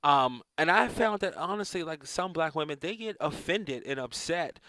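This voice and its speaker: A man's voice: a little high, lively intonation, moderate pace, sharp tone, no echo, poor audio. A man ranting bluntly into the camera in a casual, profane monologue, with many restarts and "um"s. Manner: profane, blunt, repetitive, with frequent hedging restarts and "um"s. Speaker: vlogger.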